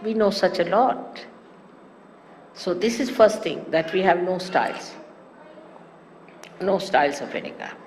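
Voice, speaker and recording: Lively woman teacher, echoey hall. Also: fairly low pitch, a little slow, pauses often. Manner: animated and teasing, with amused asides. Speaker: spiritual teacher. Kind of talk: sermon-style spiritual talk. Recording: echoey hall with faint hiss, archive 1989 tape.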